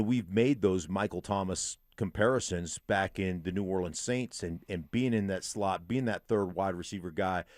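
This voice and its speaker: Man, low voice, dry studio sound, opinionated sports radio talk. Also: a little mellow, no echo.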